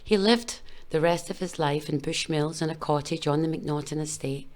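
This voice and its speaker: A woman giving a measured, solemn scripted documentary narration. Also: low-pitched, darkish tone.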